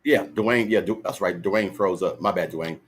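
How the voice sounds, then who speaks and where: A man's voice: sits low, moderate pace, slight background noise. A man hosting a casual online football panel, loosely calling on each guest in turn and joking along. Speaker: show host.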